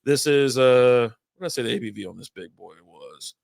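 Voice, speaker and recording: A man's voice: mid-range voice, fairly quick, gravelly, no echo, clean studio sound. A man co-hosting a casual podcast, telling loose stories full of swearing and acting out other people's lines. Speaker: podcast co-host. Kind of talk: casual chat.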